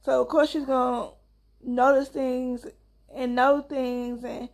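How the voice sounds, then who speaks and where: Woman vlogger, young mom, high voice with vocal fry, chatty storyteller, talks to viewers directly. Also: little pitch movement, takes it slowly, a little mellow. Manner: chatty, addresses viewers as y'all, acts out dialogue. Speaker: vlogger and mother. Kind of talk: casual storytelling to camera.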